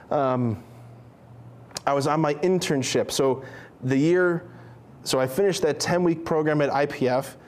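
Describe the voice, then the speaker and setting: A man preaches in an easygoing, conversational way and keeps tossing "right?" to his listeners. His voice sits a little higher than most men's. It sounds like a friendly talk rather than a formal speech. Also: a little mellow. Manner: casual, chatty, often tags lines with "right?". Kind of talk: conversational sermon.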